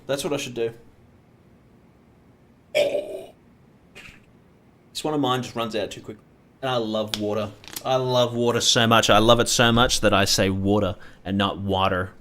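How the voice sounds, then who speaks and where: A man's voice: mid-range voice, moderate pace, pauses often, fairly bright tone. A young man chatting loosely as a gaming streamer, rambling and swearing freely. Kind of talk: casual live-stream commentary.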